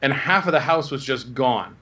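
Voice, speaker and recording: A man in his thirties telling rambling, animated anecdotes in casual conversation. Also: medium pitch, moderate pace, dull audio. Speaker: guest telling stories. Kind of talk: casual storytelling.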